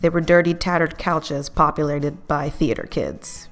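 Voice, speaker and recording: A woman's voice: low-pitched, measured pace. A woman adding wry, teasing voice-over asides.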